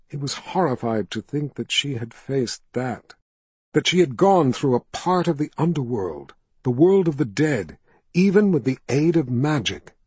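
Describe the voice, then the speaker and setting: Male audiobook narrator, measured storytelling, husky, dry close sound. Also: medium pitch, darkish tone, no room sound.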